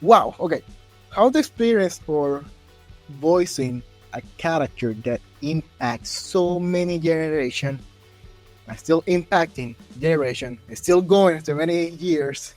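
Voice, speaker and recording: Animated man telling a story. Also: a little high, a little slow, faint music behind. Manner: animated storyteller, acts out quotes in raised voices. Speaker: podcast host. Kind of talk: casual interview chat.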